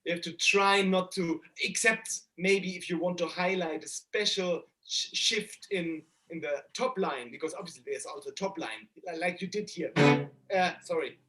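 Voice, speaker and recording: A man's voice: high-pitched, moderate pace, sharp tone. A man teaching a cello masterclass, hesitant and often restarting, singing phrases to show them. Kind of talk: masterclass coaching. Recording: cello music playing behind.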